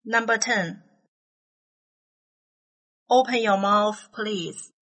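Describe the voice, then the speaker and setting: A woman reading numbered items from an English listening test, each phrase slow, carefully spaced and evenly paced. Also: medium pitch, fairly bright tone, rough recording.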